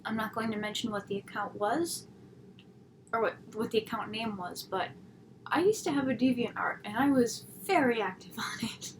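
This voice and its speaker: A woman's voice: on the high side, moderate pace, a little hiss or hum, rough recording. A woman in her twenties vlogging alone, chatty and self-deprecating, often giggling and dropping into whispers. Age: 20s. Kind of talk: casual solo vlog.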